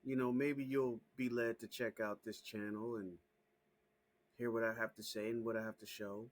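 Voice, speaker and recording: A man's voice: fairly low pitch, flat delivery, moderate pace. Profane, heated man ranting to camera. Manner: heated, profane and repetitive, rising into shouting. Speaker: small YouTube channel host. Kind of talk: casual direct-to-camera rant.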